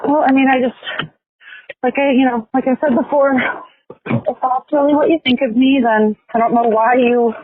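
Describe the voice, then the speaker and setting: A woman arguing defensively on a phone call, halting and repeating herself. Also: sits high, fairly even intonation. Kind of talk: heated phone argument. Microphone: phone line. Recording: tinny phone line.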